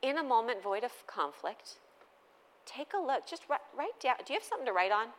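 A woman's voice: fairly high pitch, big pitch swings, a little fast, fairly bright tone. A woman in her thirties speaking to a live audience about parenting, chatty and conversational, acting out exchanges with her children. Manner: conversational, acts out dialogue with her kids.

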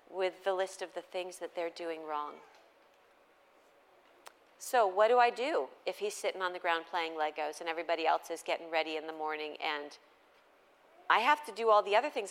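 Speaking to a live crowd, this thirtysomething woman talks about raising children in a conversational way, playing out dialogue between herself and her kids. Her voice is mid-range and a bit bright.

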